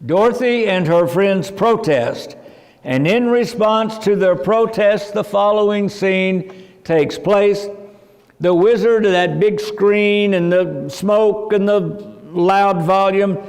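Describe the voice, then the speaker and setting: A man teaching a religious seminar in a slow, preacherly manner. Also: high voice, darkish tone, in a large hall.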